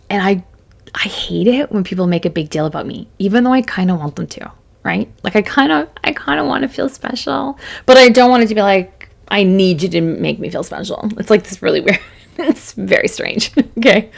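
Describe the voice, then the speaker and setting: Woman in her forties, gravelly voice, chatty motivational coaching talk, self-deprecating. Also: fairly low pitch. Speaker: business coach. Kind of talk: casual motivational talk to camera.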